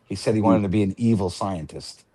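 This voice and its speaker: A man's voice: low-pitched, warm tone, slightly rough, no room sound. A man who is a podcast guest, telling a funny family story in casual chat and laughing as he goes. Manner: laughs through his stories, halting restarts.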